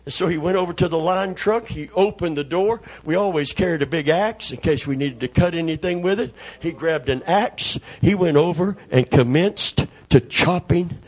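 A man, a preacher telling a folksy, animated story during a sermon. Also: a little high, normal speed, hardly any pauses, slightly rough. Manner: folksy, animated, acts out voices.

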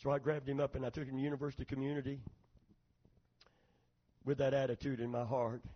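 A middle-aged man preaching a sermon, moving between hushed storytelling and fervent, shouting emphasis. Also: medium pitch, flat delivery, quick pace, lo-fi sound.

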